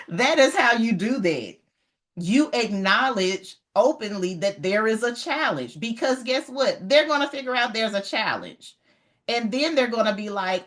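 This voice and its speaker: A middle-aged woman giving an animated, emphatic motivational talk on leadership, repeating her key points. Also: fairly high pitch, takes it slowly. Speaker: leadership educator.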